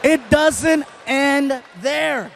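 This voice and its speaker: A male comedian with a strikingly high voice spins a long story on stage. He is animated and slips in and out of the voices of the characters he describes. A faint hum of the live room sits behind him. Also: extremely slow, vocal fry, some chatter behind. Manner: animated, acts out voices of people in his stories. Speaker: stand-up comedian. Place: large theater stage with live audience.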